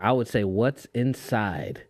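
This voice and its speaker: A young adult man co-hosting a casual group chat, talking in a relaxed, rambling way with frequent restarts. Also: lowish voice, takes it slowly. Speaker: podcast co-host.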